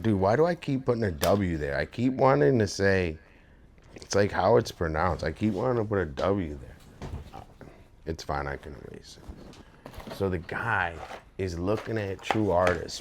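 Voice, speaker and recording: A young man talks casually as he draws, wandering through a story with plenty of fillers and swearing. His voice sits low. He speaks slowly and never rushes. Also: slight background noise. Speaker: streamer and artist. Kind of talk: casual chat while drawing. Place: home room.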